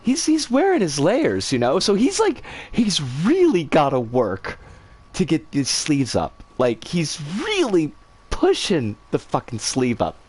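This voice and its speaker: A woman streamer casually telling a story, animated and swearing freely. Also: low voice, a little slow, husky.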